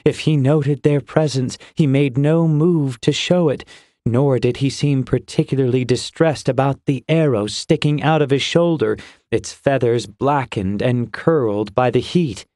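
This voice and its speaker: Slow, dry-voiced male audiobook narrator. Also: mid-range voice, dry recording. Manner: measured, steady storytelling. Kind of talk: scripted fantasy narration.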